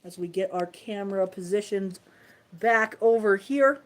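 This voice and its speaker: A woman's voice: mid-range voice, measured pace, rough recording. A woman hosting a casual livestream from a home tabletop setup, self-deprecating and chuckling often. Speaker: host of a toy robot fight livestream.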